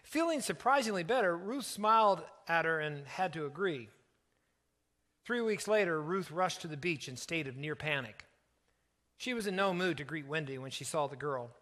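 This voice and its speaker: A middle-aged man preaching as a pastor, telling a story earnestly and softening for its emotional moments. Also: a little high, lively intonation, normal speed. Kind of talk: sermon storytelling.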